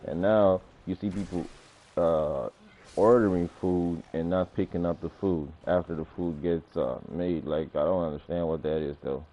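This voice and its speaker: Male streamer, low voice, profane animated rant, lo-fi phone-quality sound. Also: moderate pace. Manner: profane, animated storytelling, acts out confrontations. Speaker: gaming streamer. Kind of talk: casual livestream rant. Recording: tinny phone-like audio.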